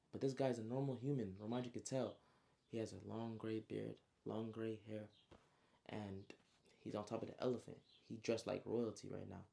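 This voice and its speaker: Slangy man with a mellow voice. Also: lowish voice, creaky. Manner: slangy, animated retelling with asides. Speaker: storyteller summarizing his own book. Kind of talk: casual story recap.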